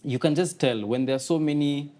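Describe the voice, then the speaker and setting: A Kenyan man, a comedian and content creator, chatting casually as a podcast guest and breaking into animated quoted voices. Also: a little high, brisk. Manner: animated, acts out quotes in raised voices, mixes in Swahili. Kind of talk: casual conversation.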